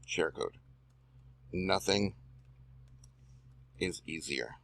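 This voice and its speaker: A man's voice: low voice, lively intonation, very slow, vocal fry, fairly bright tone. A man reading copy aloud as he edits a screen-recorded tutorial, muttering and adding slangy asides to himself. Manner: self-talking, drawling slangy asides. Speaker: online marketer and video host.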